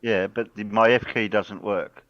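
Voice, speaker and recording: A man's voice: lowish voice, fairly even intonation, unhurried, a bit bright, dry recording, dull audio. A man hosting a casual group video chat, flustered by tech trouble while friends talk over him. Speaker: channel host.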